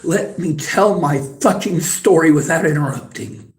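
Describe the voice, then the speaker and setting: A man's voice: a little high, moderate pace, slight background noise. A worked-up man streaming from a library, repeating himself in an angry, profane rant at his chat. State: agitated, worked up.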